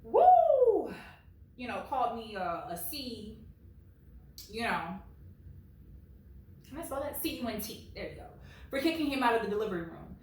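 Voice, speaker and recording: A woman in her late twenties reading reddit stories at home with blunt, animated commentary, peppered with "like". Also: fairly high pitch, normal speed, pauses often, slight background noise. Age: late 20s. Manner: blunt and animated, heavy use of "like". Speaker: reddit story reader. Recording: very echoey room, far from mic.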